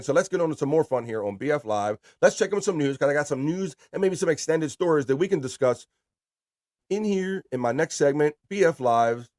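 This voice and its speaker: A man hosting a casual live stream, reading viewer comments aloud with playful shout-outs. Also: mid-range voice, no echo, studio quality. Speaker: livestream host.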